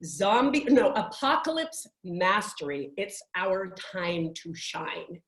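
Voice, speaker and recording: A woman life coach giving a conversational workshop talk, telling stories in a chatty, animated way with many restarts. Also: lowish voice, slow, echoey room.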